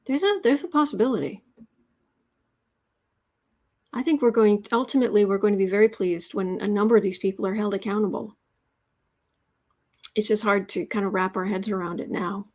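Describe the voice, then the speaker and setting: An American woman hosts a tarot livestream and talks casually. She reads out viewer comments and adds sarcastic, mocking asides. Her voice sits at an ordinary middle pitch. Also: moderate pace, long pauses. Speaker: tarot reader livestream host.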